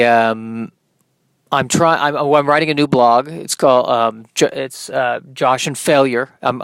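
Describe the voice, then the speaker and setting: Self-deprecating comedian rambling solo. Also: male voice, medium pitch, vocal fry, fairly bright tone, clean tone, dry recording, clean studio sound. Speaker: podcast host and comedian. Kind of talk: comedic monologue.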